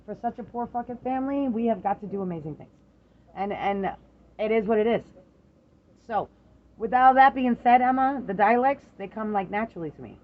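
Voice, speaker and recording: Middle-aged parent, casual family chat, swears a lot, acts out voices, mid pitch, dull lo-fi sound. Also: a little fast. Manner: animated storyteller, swears freely, acts out quoted voices. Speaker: parent chatting with adult daughter.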